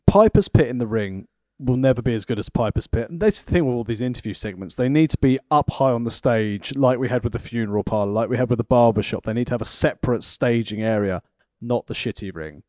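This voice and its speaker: A man co-hosting a podcast, recapping events in a dry, deadpan casual chat. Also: medium pitch, quick pace, dry recording. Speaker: podcast co-host.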